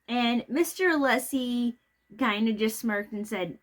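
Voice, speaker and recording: Woman ranting casually about a trial, kinda high voice, blunt, lots of ums and likes. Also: measured pace. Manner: blunt, opinionated, chatty with fillers. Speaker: trial recap commentator. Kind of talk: casual spoken commentary.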